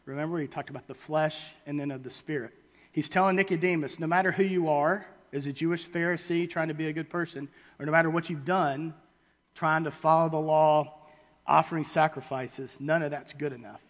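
Preacher with a hall echo. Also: male voice, fairly high pitch, steady tone. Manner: paraphrases scripture in everyday voices, halting restarts. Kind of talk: sermon. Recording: long hall reverb.

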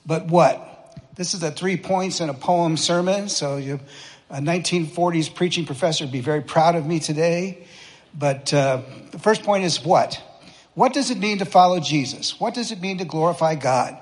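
Male preacher, casual and conversational, slightly raised pitch, echoing sanctuary sound. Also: moderate pace. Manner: conversational, folksy preaching with rhetorical questions. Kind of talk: sermon. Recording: long reverb of a church hall.

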